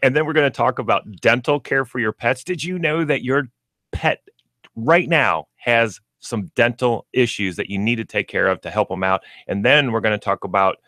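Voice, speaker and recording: A man co-hosting a casual pet radio show, reading aloud haltingly and stumbling over hard words. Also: mid-range voice, bright, forceful tone, no room sound, studio quality. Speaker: co-host, pet store representative.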